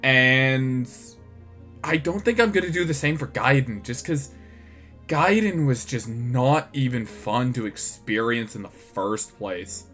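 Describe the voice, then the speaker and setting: A man's voice: medium pitch, animated, slow pace, fairly bright tone, soft background music. A man co-hosting a casual chat about video games, rambling, with many restarts and laughs. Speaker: podcast co-host.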